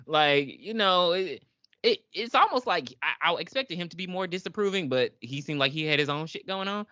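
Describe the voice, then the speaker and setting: A woman's voice: on the low side, moderate pace, dry recording, dull audio. A woman in her twenties co-hosting a podcast, casually recapping an episode with laughter and acted-out lines. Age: 20s. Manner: animated, laughing, acts out characters in voices. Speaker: podcast co-host.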